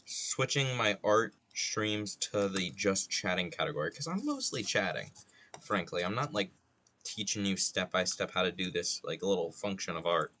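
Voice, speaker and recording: A man's voice: deep voice, animated, moderate pace, sharp tone, a little hiss or hum. Rambling, profane young man streaming art. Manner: rambling, profane, jokey asides. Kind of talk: casual chat while sculpting on a livestream.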